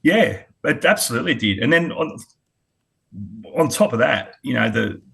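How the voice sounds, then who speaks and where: Husky, blunt Australian man. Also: medium pitch, lively intonation, moderate pace, fairly bright tone. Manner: blunt, candid, rambling with many restarts. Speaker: former cricketer and coach, guest. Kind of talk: casual interview.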